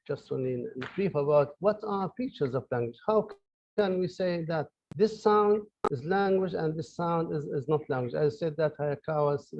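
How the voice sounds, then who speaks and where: A man's voice: fairly high pitch, creaky, dull audio. Male professor, hesitant lecture. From Libya. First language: Arabic. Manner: hesitant, many fillers and restarts. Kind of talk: online lecture. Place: his office.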